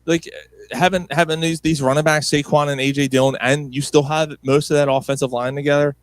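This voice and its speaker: Animated man in casual sports banter. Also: a little high, brisk, dry recording. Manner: animated, laughs often, drops into impressions. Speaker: podcast co-host.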